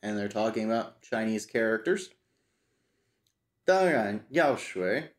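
Slow-paced man studying aloud. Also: fairly low pitch, expressive. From United States. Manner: slowly repeats phrases aloud, thinking as he goes. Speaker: language learner teaching himself. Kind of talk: casual study walkthrough.

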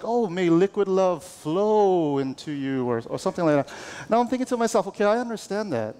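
A male pastor delivers a lively sermon, talking to his congregation like friends and drawing call-and-response from them. His voice sits a touch high. A long reverb from the church hall trails each phrase. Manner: animated, conversational preaching with call-and-response. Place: church sanctuary.

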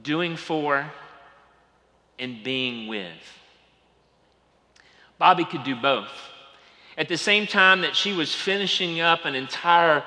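A Southern man from Georgia preaches with a very bright, ringing voice, telling homey stories and sinking into soft asides. His words carry a long reverb through a large church. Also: a little high, slow, long pauses. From Atlanta, Georgia. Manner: folksy storytelling, rising and dropping to quiet asides. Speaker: pastor. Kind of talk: sermon.

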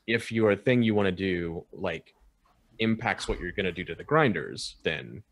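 A man's voice: low-pitched, animated, normal speed. A man playing a tabletop role-playing game, cutting in with clarifying questions in casual chat.

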